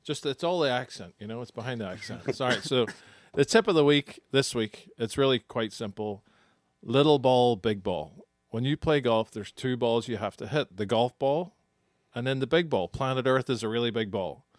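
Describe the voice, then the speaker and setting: Man, golf coach, podcast co-host, mid pitch, explanatory, dry close sound. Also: brisk, no echo. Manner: explanatory, teaching step by step. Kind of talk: casual podcast chat.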